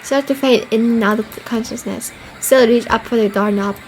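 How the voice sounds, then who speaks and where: A woman with a high voice plays through a horror game on stream. She reads the game's text aloud and breaks off to react, swearing and laughing. A faint hiss of noise sits behind her voice. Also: fairly even intonation, normal speed, rough recording.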